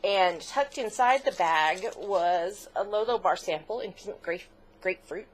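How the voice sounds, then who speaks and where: A middle-aged woman co-hosts a crafts podcast, chatting casually in a gushing, talkative way and getting moved easily. Her voice is medium-pitched and a little slow, with slight background noise.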